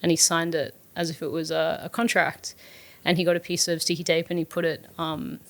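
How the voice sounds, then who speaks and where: Low, gravelly woman recounting her past. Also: little pitch movement, brisk. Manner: earnest and open, with frequent fillers and restarts. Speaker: guest, startup founder. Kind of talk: reflective storytelling in an interview.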